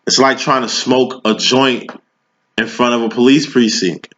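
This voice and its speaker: A man's voice: mid-range voice, level tone, measured pace, a bit bright. A man giving a casual tarot reading, talking in slang and preaching, always checking in with "you know what I'm saying". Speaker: tarot reader. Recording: dull lo-fi recording.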